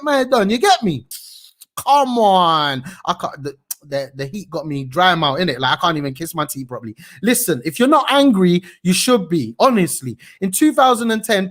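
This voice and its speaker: A young man hosting a news show in a casual, slangy and indignant way, with big swings in pitch. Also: a bit bright. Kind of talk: casual, energetic news commentary.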